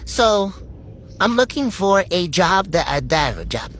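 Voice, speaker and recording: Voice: mid-range voice, big pitch swings, measured pace, a bit bright, slight background noise. A young adult from Puerto Rico telling a story to camera in a rambling, swearing, filler-heavy way. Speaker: TikTok storyteller. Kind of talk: casual storytime monologue.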